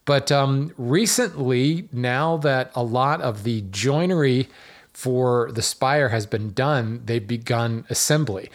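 A man's voice: mid-range voice, takes it slowly. Chatty man hosting a woodworking podcast. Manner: chatty and digressive, with fillers and self-deprecating asides. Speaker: podcast host. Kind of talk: casual solo podcast talk.

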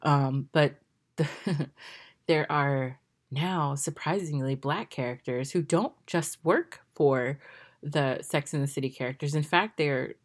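A woman's voice: low voice, takes it slowly. A woman talking casually about a TV show, chatty and critical, with lots of fillers, restarts and exasperated, sarcastic asides. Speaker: pop culture commentator. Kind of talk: casual spoken review.

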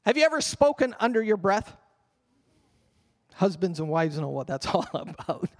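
An older man, a pastor, delivering an animated sermon that drops at times to a murmured prayer. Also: high-pitched, normal speed. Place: church hall. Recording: long reverb of a church hall.

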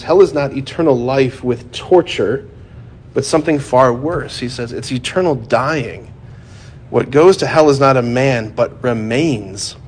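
A man preaching a sermon in a conversational way, often saying "like" and "right?", moving from joking asides to hushed, grave emphasis. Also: mid-range voice, slight background noise.

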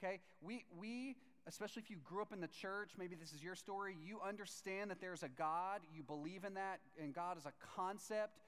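A man in his thirties preaching a sermon as a pastor, lively and conversational, acting out voices as he tells the story. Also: high voice, brisk, few pauses, clear, resonant tone. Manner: animated, acts out voices while reading scripture. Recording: long reverb of a large hall.

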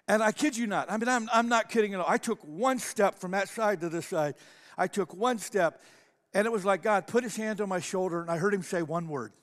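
A pastor preaching a sermon, telling a personal story in an animated way and acting out the people in it. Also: male voice, sits high, a little fast. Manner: animated storytelling, acts out quotes. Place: church sanctuary. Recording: long church hall reverb.

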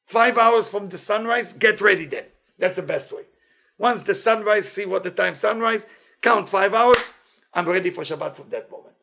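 A man giving a weekly inspirational Torah talk as a teacher, animated and playful, in non-native English phrasing. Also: sits high, normal speed, creaky, a little hiss or hum.

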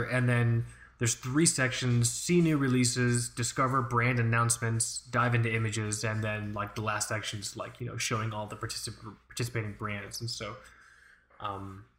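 A man's voice: medium pitch, a bit bright. Profane, ranting male podcast host. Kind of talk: casual chat.

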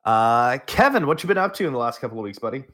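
A man's voice: medium pitch, sing-song, quick pace, fairly bright tone. A man hosting a gaming podcast in a laid-back, joking way. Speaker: podcast host. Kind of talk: casual podcast chat.

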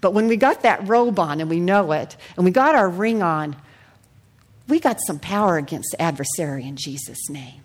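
A woman preaching a sermon in a church hall, earnest and personal, sharing her testimony and sometimes dropping her voice to a hush. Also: on the low side, lively intonation, moderate pace. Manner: earnest, personal testimony with soft hushed passages.

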